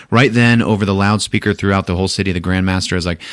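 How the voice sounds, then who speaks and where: A man's voice: deep voice, steady tone, fast talker, few pauses, smooth, no room sound, studio quality. A man hosting a podcast, recapping a movie in a casual, profane way with frequent laughter. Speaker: podcast host.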